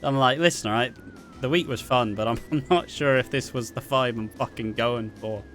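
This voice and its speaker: A young Englishman tells a rambling, swear-heavy story in a casual vlog. His delivery is animated, with laughing asides and a mid-range voice. Faint music plays behind him. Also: mid-range voice, normal speed. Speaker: vlogger.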